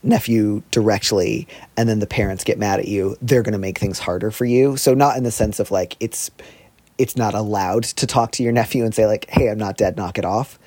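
A man's voice: on the low side, steady tone, fairly quick, warm tone, dry recording. Dry-voiced man hedging his advice. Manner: rambling, self-aware hedging. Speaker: guest advice columnist. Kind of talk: casual podcast chat.

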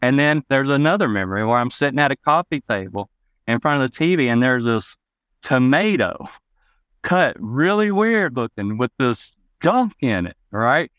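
A man's voice: medium pitch, big pitch swings, normal speed, a bit bright, clean tone, no echo. A man from Arkansas, telling a personal story as an interview guest in a loose, reflective way, with many "you know" fillers, raising his voice to act out the people he quotes. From Arkansas, USA.

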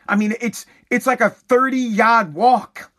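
A fed-up man, swearing freely as he rants through a long casual monologue. His voice sits notably high for a man, and his delivery is emphatic and exasperated. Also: fairly even intonation, unhurried, a bit bright. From New England. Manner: exasperated, profane, emphatic ranting.

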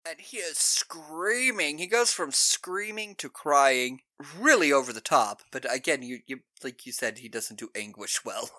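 A man's voice: on the high side, a little slow, few pauses, no echo. A man co-hosting a podcast, retelling movie scenes in a casual, laughing way. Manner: animated, laughing storyteller. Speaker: podcast co-host. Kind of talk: casual film discussion.

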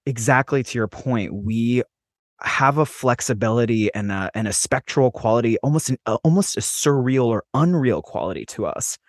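A man in casual, animated chat who swears freely and trails off into fillers. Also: medium pitch, normal speed, no room sound, clean studio sound.

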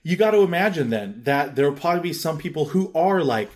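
A man's voice: a little high, animated, fast talker, a little mellow. Rambling man in casual chat. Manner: rambling, hesitant, lots of fillers and laughs.

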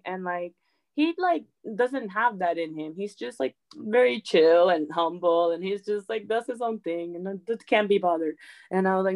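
A young woman as an interview guest, chatting in a lively way, acting out quotes and saying "like" a lot. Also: medium pitch, normal speed, poor audio. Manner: chatty, animated, acts out quotes, says "like" often. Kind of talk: casual storytelling.

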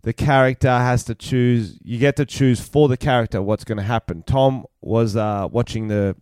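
A man co-hosting a podcast, animated as he reads out stories and banters with his co-host. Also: mid-range voice, normal speed, clean tone, no room sound. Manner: animated, reads news stories aloud with laughs. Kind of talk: casual banter and storytelling.

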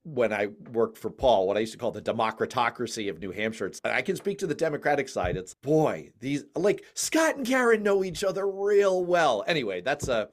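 Male host, animated pitch, chatty, jokey asides, casual podcast talk. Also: a little fast, hardly any pauses. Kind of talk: casual conversational podcast hosting.

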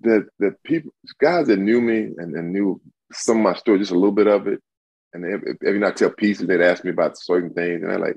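A man in his sixties, a guest on an interview show, telling stories in a lively way and acting out what others said. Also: fast talker, vocal fry, no room sound, muffled recording. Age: 60s. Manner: animated storyteller, acts out quotes in a high voice. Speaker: guest, retired football player. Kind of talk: casual interview.

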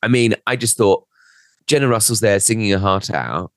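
Low-voiced man telling a rambling story. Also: moderate pace, no room sound, clean studio sound. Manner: rambling storyteller, self-mocking, trails off. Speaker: podcast co-host. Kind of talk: casual chat.

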